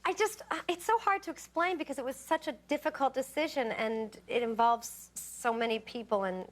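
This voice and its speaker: A woman's voice: high voice, normal speed. A woman guest on a late-night talk show, giggly and hesitant, with many fillers and restarts. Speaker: actress guest. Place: television studio. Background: studio audience laughter.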